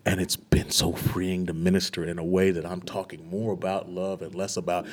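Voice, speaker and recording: A young man with a deep, low-pitched voice tells his story as a pastor giving a testimony to a small group. He speaks earnestly and searchingly, his voice often sinking to a quiet, near-whispered hush. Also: level tone, normal speed, hardly any pauses.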